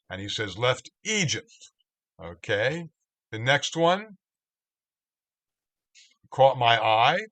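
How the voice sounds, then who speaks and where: Cantor-type man teaching scripture over a computer mic: middle pitch, slow, thoughtful delivery, bright voice. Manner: slow, reflective, with many restarts and asides. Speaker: cantorial spiritual leader. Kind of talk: online Torah study teaching.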